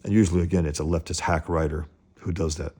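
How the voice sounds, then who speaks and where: A man giving casual, opinionated commentary on comics, often halting and restarting as he wanders off topic. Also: sits low, steady tone, dark tone, breathy edge.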